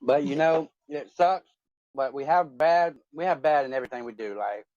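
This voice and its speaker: A man's voice: a little high, moderate pace, darkish tone. A man in his forties chatting casually over a phone call, rambling with many fillers and restarts. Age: 40s. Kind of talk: casual chat. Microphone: phone on a voice chat app. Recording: dull lo-fi phone audio.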